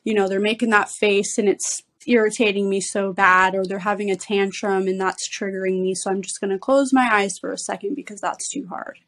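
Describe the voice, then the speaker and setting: A woman's voice: medium pitch, steady tone, brisk, hardly any pauses, a bit bright. A woman parenting coach, a podcast guest, patiently explaining ideas step by step. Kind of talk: podcast interview.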